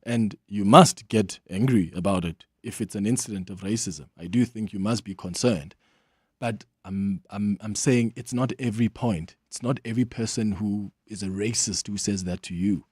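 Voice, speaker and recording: A man's voice: fairly low pitch, normal speed, darkish tone, slightly rough, no echo, studio quality. A South African man hosting a call-in radio show, speaking in a conversational, engaged way. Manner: conversational, engaged, often laughing with callers. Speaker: radio talk show host. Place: radio studio. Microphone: studio microphone.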